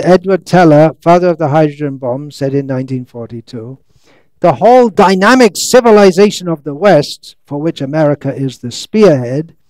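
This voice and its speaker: A man giving a scriptural lecture, reading out quotes slowly and breaking into sarcastic, ironic asides. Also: a little high, a little mellow, no echo. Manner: reads quotes slowly, stretches words. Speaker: monk lecturer. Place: lecture hall in India.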